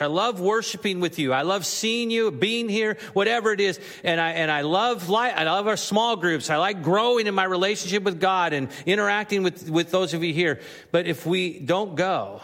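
A man's voice: high voice, animated, moderate pace, fairly bright tone, long reverb tail. A man preaching a sermon as the pastor, earnest and rising to emphatic exhortation. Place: church sanctuary.

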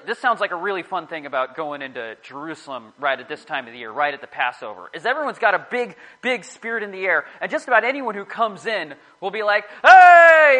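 A man with a high, bright, forceful voice gives a casual, rambling sermon to a small group, often correcting himself in a chatty way. The audio quality is poor.

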